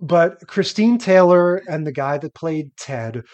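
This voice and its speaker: A man's voice: on the high side, expressive, measured pace, a little mellow, no room sound, lo-fi sound. A man co-hosts a casual podcast chat about old television. He offers frank, dry critiques in an easy, conversational voice, with a few filler words along the way. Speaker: podcast co-host. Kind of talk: casual chat recapping TV episodes.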